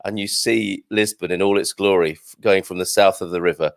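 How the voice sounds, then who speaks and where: Fast-talking enthusiastic male host. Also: deep voice, fairly even intonation, gravelly, no room sound. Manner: enthusiastic, effusive. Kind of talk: casual chat.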